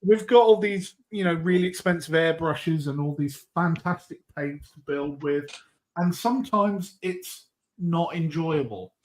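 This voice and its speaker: A man's voice: on the high side, measured pace, reverberant. A man with a Norfolk accent hosting a live modelling stream and chatting in an easygoing way. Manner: easygoing, swears casually. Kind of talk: casual chat.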